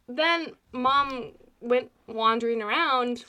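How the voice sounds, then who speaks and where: A podcast co-host tells stories in a chatty, rambling way, laughing often as the casual conversation unfolds. Her voice is slightly high and sharp, moving at a moderate pace.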